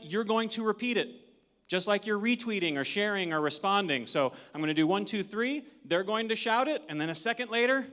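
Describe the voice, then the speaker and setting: A man giving an energetic, interactive talk at a conference, leading the audience through counts, a little out of breath. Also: high-pitched. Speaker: conference speaker. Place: large conference hall. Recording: long hall reverb.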